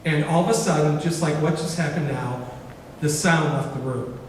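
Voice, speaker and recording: Animated man telling a story in an echoey hall. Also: on the high side, normal speed, a little hiss or hum. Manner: animated storyteller, acts out dialogue. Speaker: keynote speaker. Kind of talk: storytelling speech. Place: large auditorium. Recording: echoey hall recorded from far off.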